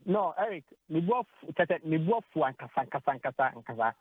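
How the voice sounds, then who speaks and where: Speaking fast in an expressive voice on the high side, a man with a Ghanaian accent discusses sports in a radio studio. He gets emotional, hesitates and repeats words while moving between Twi and English. The sound is narrow and tinny.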